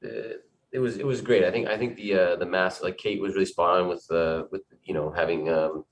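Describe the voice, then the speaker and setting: Very deep-voiced man answering hesitantly. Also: steady tone, brisk. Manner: hesitant, many fillers and repeated words. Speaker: band member, interview guest. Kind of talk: conversational interview.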